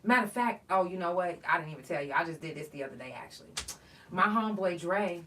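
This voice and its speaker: Animated woman storyteller, off-mic. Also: fairly low pitch, quick pace, recorded from a distance, a little hiss or hum, rough recording. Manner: animated storytelling, swearing, acting out texts. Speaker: podcast host. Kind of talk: casual solo chat.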